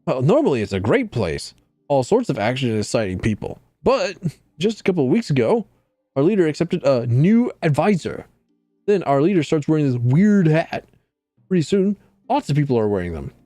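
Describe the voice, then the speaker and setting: An excitable young fish-man gushes in bright, eager bursts, his voice pitched well up and swinging through a lively range, as a man puts him on while reading game dialogue aloud. He sounds friendly and a little boastful, quick to exclaim, with a soft hum of background music. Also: dry recording. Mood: storytelling.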